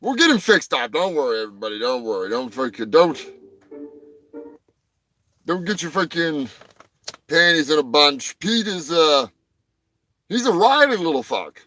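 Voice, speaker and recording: A man's voice: fairly high pitch, very animated, normal speed, pauses often, pushed and bright, poor audio. A man hosting a rambling comedic livestream, crude and joking, often trailing off into mumbles. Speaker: livestream host. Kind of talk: rambling comedic live chat.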